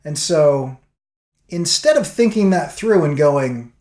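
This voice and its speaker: A man's voice: on the high side, slow, reverberant. A man vlogging, telling a story casually and acting out what people said. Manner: animated storyteller acting out quotes.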